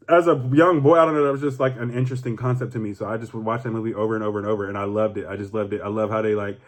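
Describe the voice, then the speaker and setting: A young man talks straight to his camera. He rambles casually, swears freely and leans on fillers, getting animated as he goes. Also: medium pitch. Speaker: YouTuber. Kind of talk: casual vlog monologue.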